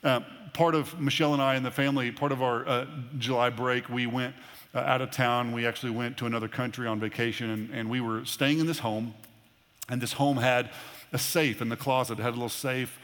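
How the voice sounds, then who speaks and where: A man preaching a sermon in a church auditorium, his voice carrying a long reverb from the large room. He speaks emphatically, repeating phrases and leaning on key words. His pitch sits in the middle for a man. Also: fairly even intonation, a little fast, fairly bright tone. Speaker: pastor.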